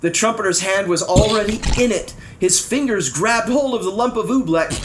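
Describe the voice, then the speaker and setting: A woman reading a storybook aloud in a lively, expressive bedtime-story style. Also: medium pitch, normal speed, noisy background.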